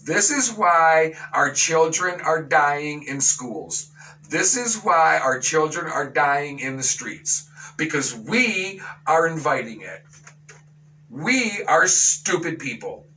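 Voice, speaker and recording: A high-pitched man with a bright, sharp tone hosts a talk radio show, venting outrage in a sarcastic rant. He sounds a little distant from the microphone. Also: lively intonation, takes it slowly. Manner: outraged, sarcastic ranting with mocking voices. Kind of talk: opinion talk radio monologue.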